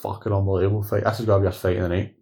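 A man talks quickly in a relaxed sports podcast. His voice sits a little low, and he gets excitable and swears freely as he talks through upcoming fights with his co-host. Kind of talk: casual sports chat.

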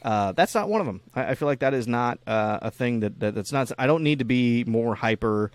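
A man's voice: mid-range voice, lively intonation, brisk, no echo. Man, podcast co-host, casual crude chat, rambling, swearing, dry close sound. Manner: profane, rambling, acts out squealing kid voices.

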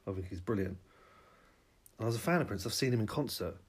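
A man hosting a podcast, delivering a rambling, sweary comic rant that bursts into shouting. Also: lowish voice, expressive, fast, slightly rough. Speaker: podcast host. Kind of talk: comic ranting monologue.

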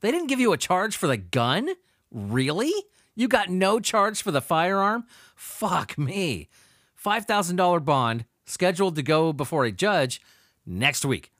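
Crude ranting man with lively pitch. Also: a little slow, no echo, studio quality. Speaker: podcast host. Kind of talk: profane comedic news commentary.

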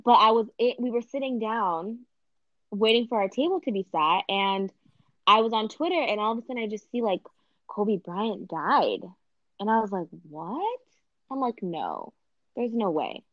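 A woman's voice: fairly high pitch, fairly quick, no room sound. Chatty young woman, slightly dull recording. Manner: chatty, animated, swears casually. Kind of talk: casual chat.

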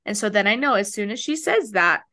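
Young woman, mother, casual relaxed chat, easygoing. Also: medium pitch, a little fast. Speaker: guest parent.

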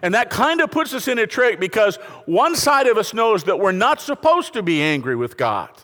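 A man preaching a sermon to a congregation, swinging from quiet, intimate passages to raised appeals and calling on listeners to turn to their neighbors. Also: sits high, normal speed. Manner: preaching with lively rises and falls, addressing the congregation. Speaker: pastor. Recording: reverberant hall.

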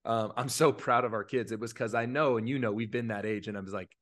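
In a casual podcast chat, a youth baseball coach speaks earnestly from the heart, his emotions right at the surface. His voice is a typical male middle pitch, a bit bright and steady, and he talks fast in run-on sentences full of fillers and restarts.

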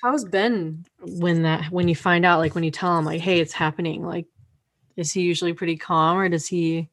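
A woman's voice: lowish voice, steady tone, moderate pace, dry recording. A woman hosting a podcast, asking brief, supportive questions in a casual interview. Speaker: podcast host.

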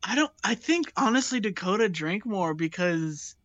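A woman's voice: medium pitch, expressive, moderate pace, no echo. A young woman telling a funny story in casual chat, laughing often and using lots of fillers. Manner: giggly, storytelling with many fillers. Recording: dull lo-fi dry sound.

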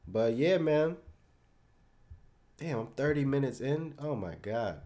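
A man's voice: mid-range voice, lively intonation, slow pace, dark tone. A young man hosting a solo podcast, rambling off the cuff in a loose, profane, self-deprecating way with lots of fillers. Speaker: podcast host.

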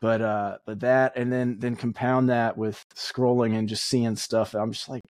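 A man's voice: mid-range voice, little pitch movement, unhurried, darkish tone, dry recording, clean studio sound. Blunt, frank male podcast co-host. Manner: blunt, frank, swears casually. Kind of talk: casual chat.

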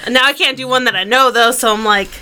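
A young woman co-hosting a casual podcast, excitable and giggly, chiming in with quick interjections. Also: fairly high pitch. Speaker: podcast co-host.

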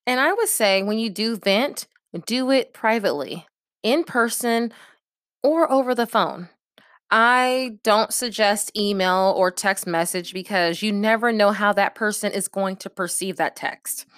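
A woman's voice: mid-range voice, unhurried, a bit bright, clear, resonant tone, no echo, studio quality. A woman giving casual, direct advice in a coaching manner, often checking in with her listeners. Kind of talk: casual advice talk to camera.

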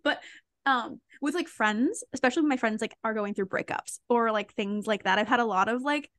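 In a slightly high, somewhat bright voice, a young podcast guest chats fairly quickly and casually, with no room sound. She speaks candidly and loosely, using many filler words and laughing often.

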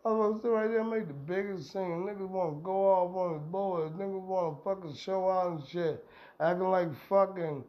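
A man's voice: high-pitched, fairly quick. A middle-aged man hosting a podcast, ranting in a heated, profane, rambling way. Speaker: podcast host. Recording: dull lo-fi sound.

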